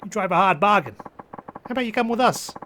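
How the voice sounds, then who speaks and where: A man's voice: high-pitched, expressive, brisk, sharp tone, a little hiss or hum, pitched above the performer's own voice. Man putting on a Jersey-accented mob enforcer. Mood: smug, threatening. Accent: put-on New Jersey. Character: menacing male mob enforcer, smug and pushy. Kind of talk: amateur quote reading of game dialogue.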